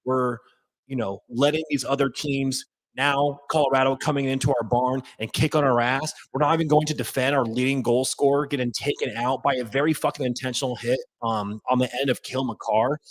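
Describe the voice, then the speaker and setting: A man's voice: mid-range voice, steady tone, fairly quick, no room sound, rough recording. A male podcast host, so worked up he can barely talk, rambles and swears in a live after-game rant. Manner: hyped, profane, rambling. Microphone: headphones off, desk mic.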